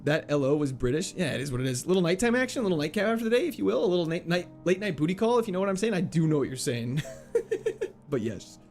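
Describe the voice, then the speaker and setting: A young man with a slightly raised pitch chats casually with his stream audience. He answers messages in a playful, joking way. Faint game music plays quietly behind him. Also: animated. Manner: playful, chatty, quick laughs, jokey mock French. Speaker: game streamer reading chat. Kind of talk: casual livestream chat.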